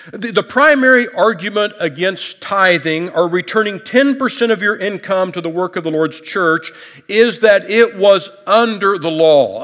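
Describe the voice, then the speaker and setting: A man's voice: high-pitched, a bit bright, in a large hall. A male pastor preaching a sermon in a conversational, folksy way, with light humor and frequent restarts. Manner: repeats words and restarts often.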